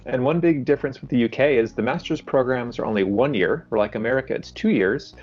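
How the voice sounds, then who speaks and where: Measured interview host, mid pitch, muffled lo-fi recording. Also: a little mellow, soft background music. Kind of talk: interview questions.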